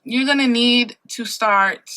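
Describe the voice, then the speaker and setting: Her voice on the high side and sharp in tone, a late-twenties vlogger from Ohio, USA, takes her time while chatting casually to camera. She's dramatic and laughs a lot, captured on a compact camera mic.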